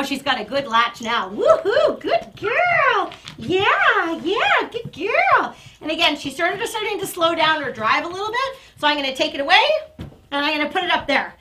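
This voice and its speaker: A woman dog trainer demonstrating toy play on a live stream, chatty and animated, breaking into excited praise for the dog. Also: high-pitched, rough recording.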